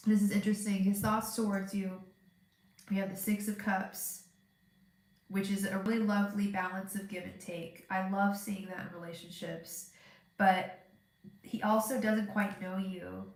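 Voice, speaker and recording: A woman's voice: medium pitch, little pitch movement, normal speed, echoey room. A woman with a stuffed-up, congested voice giving a live tarot reading, chatty and thinking aloud with lots of fillers and restarts. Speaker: tarot reader.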